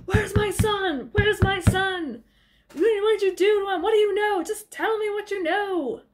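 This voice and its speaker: An angry father hammers out question after question, slow and insistent. A woman acts him out, raising her voice rather than lowering it. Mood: demanding. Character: angry middle-aged father demanding answers.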